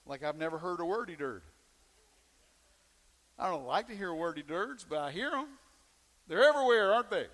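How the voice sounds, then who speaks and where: A man's voice: on the high side, animated, a little fast, a bit bright, long reverb tail. A man preaching a sermon as pastor, telling folksy stories and asking the congregation questions.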